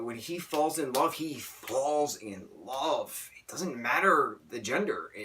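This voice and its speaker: Excitable young man rambling, bright tone. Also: lowish voice, far from the mic. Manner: rambling, excitable, many restarts and stammers. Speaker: book reviewer. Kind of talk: casual book review vlog.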